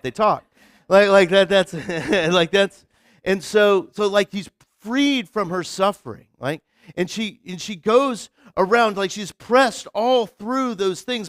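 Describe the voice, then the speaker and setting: High-voiced pastor, casual and animated. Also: male voice, no room sound, studio quality. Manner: casual, animated, heavy use of "like" and restarts; jokes with the congregation. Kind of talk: conversational sermon. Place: church sanctuary.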